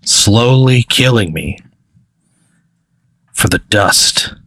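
A man voicing a huge, tired, blue-furred male dust creature in an improvised storytelling game, speaking slowly like someone exhausted. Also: lively intonation, gravelly, fairly bright tone, no room sound, exaggerated voice. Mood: weary. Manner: tired, slow, deep-breathing. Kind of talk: improvised tabletop-style storytelling.

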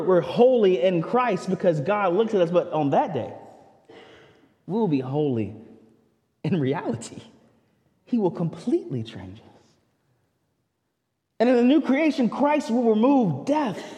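A male pastor preaching a sermon in a conversational way, swinging from loud declarations down to a near hush. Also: high voice, big-room sound. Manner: animated preaching, swells loud then drops to near hush; conversational asides, repeats words as he goes. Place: church sanctuary.

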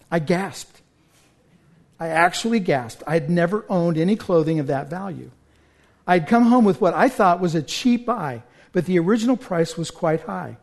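A pastor delivers a sermon in a church, his voice pitched high for a man. He speaks earnestly and presses toward urgent appeals to his listeners. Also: gravelly, darkish tone.

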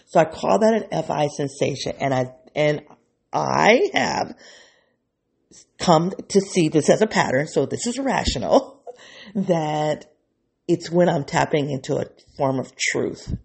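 A man's voice: fairly high pitch, lively intonation, a little slow, vocal fry, a little mellow, husky. A man talking to his viewers in an unscripted reflective monologue, rambling and restarting his thoughts, openly emotional. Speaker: vlogger speaking to his viewers.

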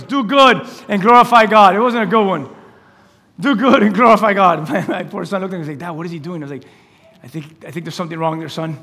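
A man preaching a lively, conversational sermon as pastor, acting out quoted lines and laughing along the way. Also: high voice. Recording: church hall with long reverb.

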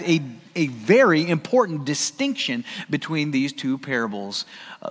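High-voiced American pastor preaching. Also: male voice, fairly bright tone, in a large hall. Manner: conversational, joking, emphatic. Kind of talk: sermon. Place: church sanctuary.

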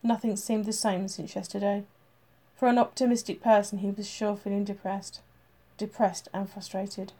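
A woman narrating a crime novel as an audiobook, with steady, even storytelling. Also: mid-range voice, normal speed.

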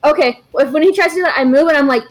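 Higher-voiced woman player. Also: racing, low-quality recording. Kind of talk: tabletop role-play.

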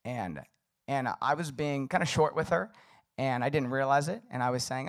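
A man's voice: medium pitch, expressive, normal speed, vocal fry. A young adult man preaching a conversational sermon, loose and casual with many fillers. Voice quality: casual, filler-heavy delivery with frequent "like". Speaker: pastor.

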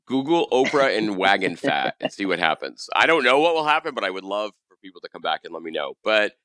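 A man's voice: on the low side, very animated, fast, pushed and bright, no echo, studio quality. A man hosting a podcast, chatting casually and jokingly, rambling through his questions. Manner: rambling, jokey, many restarts. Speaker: podcast host.

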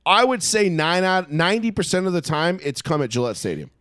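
A man telling a story loudly and profanely in a casual podcast chat. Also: high voice, expressive, fairly quick, no room sound, studio quality. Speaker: podcast co-host.

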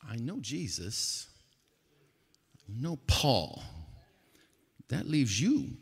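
A man voicing a sneering demon, low and quiet. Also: sing-song, very slow, gravelly, breathy edge, heavily acted. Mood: taunting. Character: sneering demon talking back. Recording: long hall reverb.

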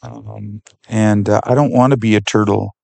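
A man's voice: fairly low pitch, fairly even intonation, normal speed, gravelly, a little mellow, no echo. A man speaking as a podcast guest, giving sincere, reflective faith encouragement to young listeners with frequent fillers.

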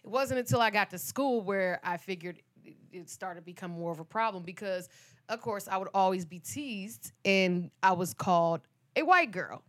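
A young woman from Detroit talks in a relaxed, chatty way as a co-host on a podcast. She is animated and teasing with her co-host as she tells her own stories. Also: mid-range voice, normal speed. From Detroit, USA. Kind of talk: casual chat.

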